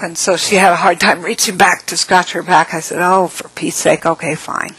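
A woman's voice: fairly low pitch, fairly even intonation, a bit bright, slightly rough, poor audio. Earnest woman giving an inspirational talk. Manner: earnest, slow emphatic phrasing with playful asides and laughter. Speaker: speaker.

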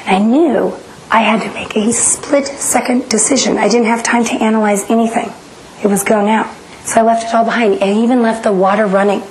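A woman's voice: on the high side, steady tone, brisk, a little mellow, a little hiss or hum, rough recording. Earnest woman telling her story. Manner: earnest, dramatic retelling that acts out inner voices. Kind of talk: personal testimony storytelling.

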